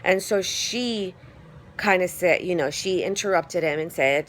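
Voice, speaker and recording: A woman's voice: on the low side, a little slow, fairly bright tone. A woman giving a casual phone vlog update, telling her story in a rambling way with lots of fillers. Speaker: vlogger.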